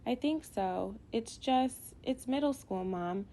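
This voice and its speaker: A woman's voice: fairly high pitch, takes it slowly, a little hiss or hum. A woman voicing a hesitant young boy. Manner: hesitant and quiet. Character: anxious middle-school boy. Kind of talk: audiobook dialogue.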